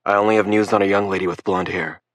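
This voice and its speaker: A man voicing a calm, apologetic hospital doctor. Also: low voice, quick pace, no room sound, natural voice.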